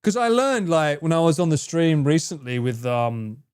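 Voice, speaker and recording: A man's voice: on the high side, very animated, moderate pace, darkish tone, clear, resonant tone. A man streaming live, chatting casually with his viewers, swearing freely and laughing a lot as he answers chat.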